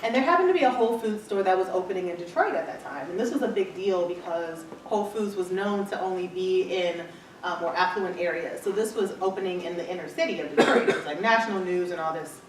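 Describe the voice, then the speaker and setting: A woman's voice: lowish voice, fast. A woman speaker telling her business story to an audience, acting out quoted dialogue as she goes. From Michigan, USA. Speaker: entrepreneur speaker. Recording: echoey hall, far from mic, faint noise.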